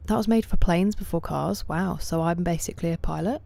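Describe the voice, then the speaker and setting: A woman livestreaming a game late at night, casually answering viewers' chat messages by name and often slipping into a soft half-whisper. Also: on the low side, brisk, gravelly.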